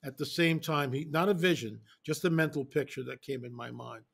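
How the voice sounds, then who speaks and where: Animated man telling stories in an interview. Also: on the high side, fairly quick, gravelly, breathy edge. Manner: animated, emphatic, repeats phrases for effect. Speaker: guest. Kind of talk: casual interview storytelling.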